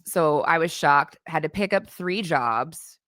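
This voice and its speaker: A woman's voice: deep voice, takes it slowly, a bit bright, no room sound. Woman, from Canada, interview guest, laughs a lot, dry studio sound. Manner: laughs often while telling stories. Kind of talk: casual interview chat.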